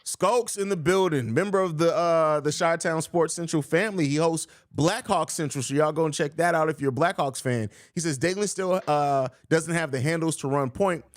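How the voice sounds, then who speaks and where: Young guy hosting a sports podcast, kinda high voice, blunt and jokey, dead dry mic. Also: normal speed, few pauses, dry recording. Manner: blunt, joking, says bro a lot. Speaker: podcast host. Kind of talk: casual sports chat reading viewer questions.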